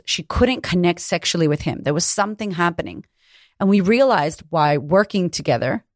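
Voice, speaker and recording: A woman's voice: lowish voice, no room sound, studio quality. A middle-aged woman coach talking candidly and emphatically about healing, swearing freely. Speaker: coach running women's retreats. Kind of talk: candid motivational talk.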